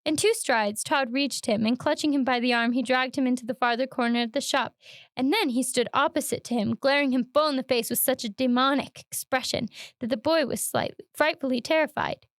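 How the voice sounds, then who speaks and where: A woman hosting a show, reading an old story aloud in a measured, expressive way on a close mic. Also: sits high, dry recording. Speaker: host.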